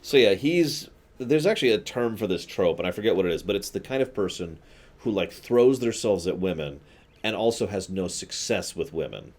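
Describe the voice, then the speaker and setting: A man's voice: on the low side, expressive, moderate pace, darkish tone, faint music behind. A man streaming a video game, giving casual commentary with chatty, offhand asides.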